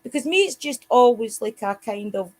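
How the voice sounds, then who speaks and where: A woman's voice: a little high, moderate pace, darkish tone. A Scottish woman co-hosting a casual spiritual chat show, talking straight to her listeners. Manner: chatty, addresses listeners directly. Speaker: co-host.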